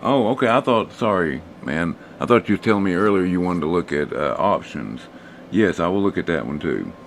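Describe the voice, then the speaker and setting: A man, hoarse and losing his voice, casually talking through stock charts for a live stream audience. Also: low voice, normal speed, a little hiss or hum. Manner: relaxed, rambling, talks to chat viewers.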